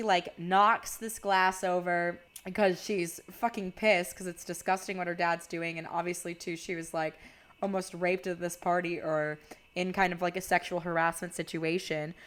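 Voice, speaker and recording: A young woman casually recapping a movie plot, chatty and peppered with "like", swearing freely. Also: lowish voice.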